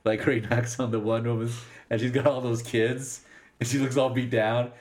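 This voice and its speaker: A man in casual film discussion, animated, laughing often and acting out lines from scenes. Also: medium pitch, moderate pace.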